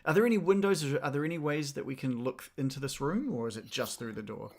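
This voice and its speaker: A man with a New Zealand accent playing a tabletop game, thoughtful and pausing with ums as he plans his moves. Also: medium pitch, lively intonation, vocal fry. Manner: thoughtful, filling gaps with ums. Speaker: player. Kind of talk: casual tabletop play.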